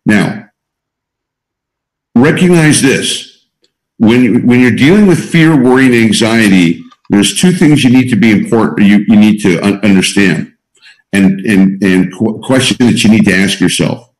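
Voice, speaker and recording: A man's voice: on the low side, a little slow. A man coaching students in a roomy space. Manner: emphatic, repeats key points. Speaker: coach guiding a group of students. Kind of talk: teaching talk to a small group. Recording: roomy echo.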